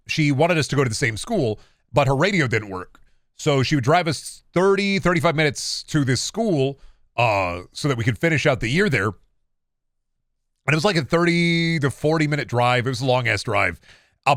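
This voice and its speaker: A man's voice: fairly high pitch, fairly bright tone, dry recording, studio quality. A man in his thirties chatting on a live stream, rambling and swearing with bursts of playful baby talk at home. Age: 30s. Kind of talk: casual live-stream chat.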